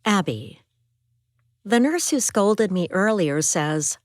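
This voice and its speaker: A woman narrating an audiobook thriller in the first person, measured and even. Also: mid-range voice, no room sound, studio quality.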